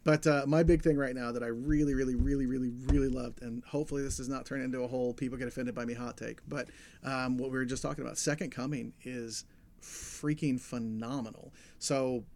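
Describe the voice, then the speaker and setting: A man's voice: mid-range voice, fairly even intonation, fairly quick, a little mellow. A young adult man, a podcast co-host, chatting casually about comic books and retelling a story with enthusiasm, briefly acting out the characters. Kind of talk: casual comic book chat.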